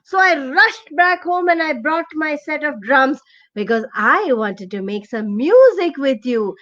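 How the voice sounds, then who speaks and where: Kindly fun-loving frog voiced by a woman, high and unhurried, storybook read-aloud, muffled lo-fi sound. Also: animated, a bit bright. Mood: affectionate. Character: friendly male frog drummer, fun-loving.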